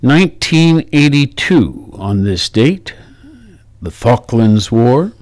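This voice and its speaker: Man, radio host, slow casual talk, fillers and restarts, dry studio sound. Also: mid-range voice, big pitch swings, a little mellow, no room sound. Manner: unhurried, with fillers and self-corrections. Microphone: studio microphone.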